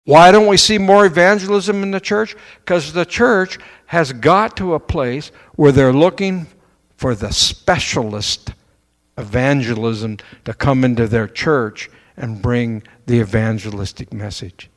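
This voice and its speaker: A pastor preaches a sermon to his church in a conversational manner, firing off rhetorical questions and imitating doubters. His voice is medium-pitched and his pace measured. The sanctuary is echoey, with long reverb.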